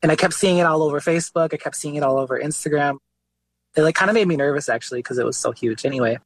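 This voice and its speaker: Talking fast in a slightly high voice with no echo, a young artist shares his story as an interview guest. He's laid-back and conversational, leaning heavily on "like" and "you know."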